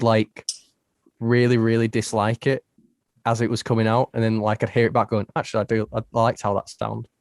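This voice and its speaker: Male host, animated anecdote-teller, dry recording. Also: medium pitch, no room sound. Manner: animated, laughing storyteller. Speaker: podcast host. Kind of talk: casual storytelling.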